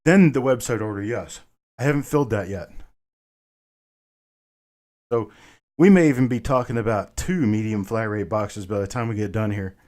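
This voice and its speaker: A man's voice: on the low side, moderate pace, pauses often, darkish tone. Chatty man hosting a live coin auction. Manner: chatty, answers chat comments by name, calls viewers brother. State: a bit winded. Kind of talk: casual live-stream chat with viewers.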